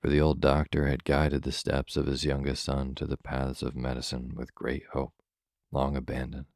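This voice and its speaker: Very deep, flat-voiced man reading a bedtime story. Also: moderate pace, no echo, clean studio sound. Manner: calm, even storybook reading for sleep. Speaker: narrator.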